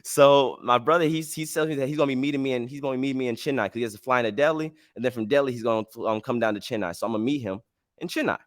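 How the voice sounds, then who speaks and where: Male podcast host, animated storyteller, mid-pitched voice, dry close sound. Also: very fast, dry recording. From United States. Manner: animated, casual slang, acts out dialogue.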